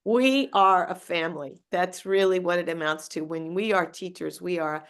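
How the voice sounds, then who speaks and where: A woman's voice: on the low side, normal speed, clean tone. A woman speaking as a guest in a casual interview, reflective and earnest.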